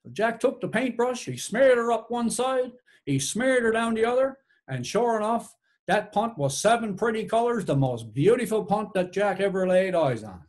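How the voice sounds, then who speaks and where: Newfoundland guy telling an old folk tale, folksy and singsong, fairly high voice, lots of ups and downs. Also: very animated, normal speed. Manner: folksy, rhythmic, repeats "she said" and "sure enough". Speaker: storyteller.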